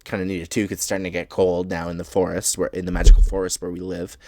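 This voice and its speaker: A man's voice: low-pitched, completely flat delivery, fast, a little mellow, dry recording, studio quality. A man voicing a shy, awkward, polite male forest gremlin who talks hesitantly and stammers. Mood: timid, earnest.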